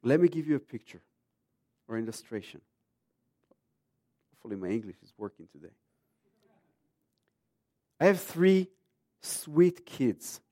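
A man in his thirties preaching a sermon emphatically, swinging between hushed lines and loud ones. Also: medium pitch, sing-song, unhurried, long pauses, dry recording, studio quality.

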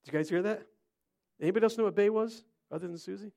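A man's voice: high voice, very fast, vocal fry, darkish tone. A middle-aged man from Ohio preaching an interactive sermon, chatting with his listeners and quizzing them by name. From Cleveland, Ohio.

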